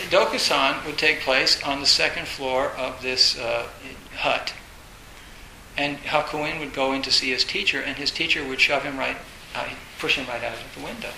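A man giving a Zen dharma talk, rambling and repeating phrases with many fillers, now and then acting out inner voices loudly. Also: fairly high pitch, echoey room, background noise. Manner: acts out inner voices, bursts loud. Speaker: Zen teacher.

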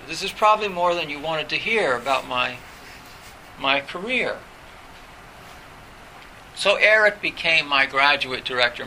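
Reflective middle-aged man with a bright voice. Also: fairly high pitch, vocal fry, slight background noise, rough recording. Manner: reflective, candid storytelling. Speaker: professor. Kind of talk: personal recollection in conversation.

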